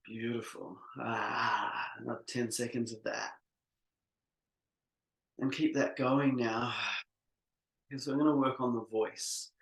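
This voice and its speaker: A man facilitating an online workshop, leading a slow, soothing guided exercise with many pauses over a video call. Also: mid-range voice, fairly even intonation, echoey room, poor audio.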